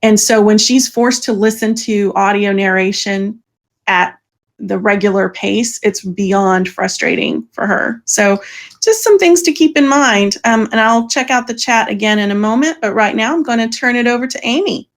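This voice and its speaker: Woman host moderating an online panel. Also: mid-range voice. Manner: brisk and organized, handing over turns.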